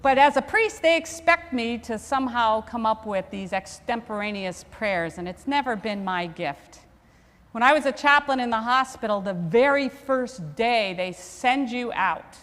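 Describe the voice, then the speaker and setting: A woman's voice: fairly high pitch, animated, measured pace, a bit bright. Woman priest preaching in a reverberant church. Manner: conversational, self-deprecating humor. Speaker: Episcopal priest. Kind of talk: sermon with personal storytelling.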